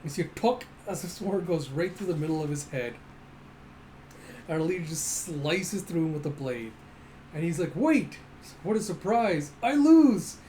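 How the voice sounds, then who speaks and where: A man's voice: fairly high pitch, moderate pace, long pauses, darkish tone, a little hiss or hum, low-quality recording. A man casually recapping a comic panel by panel, cursing now and then. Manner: casual, swears, play-by-play describing of panels. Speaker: manga recap narrator.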